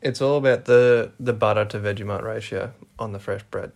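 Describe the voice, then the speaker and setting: An Australian podcast co-host chatting casually, relaxed with dry asides. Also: mid-range voice, brisk, gravelly. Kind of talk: casual chat.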